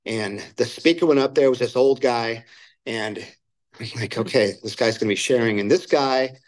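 Guy sharing his recovery story at a meeting, candid, acts out the quotes, average pitch. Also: moderate pace, rough recording. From Southern California. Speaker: main speaker at a recovery meeting. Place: meeting room.

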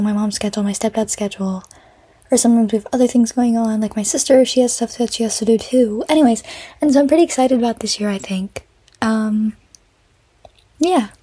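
Teen girl podcaster rambling from her bedroom, lots of likes, kinda high and breathy. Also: dark tone. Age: teens. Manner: rambling, filler-heavy, self-interrupting. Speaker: podcast host. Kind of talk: casual solo podcast chat.

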